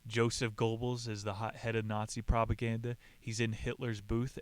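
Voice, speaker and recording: A man's voice: lowish voice, level tone, normal speed, hardly any pauses, clear, resonant tone, no echo. A young man hosting a podcast, casually retelling a book with jokes, swearing and side comments. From Southern California. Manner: loose and jokey, swears and makes asides. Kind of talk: casual storytelling recap.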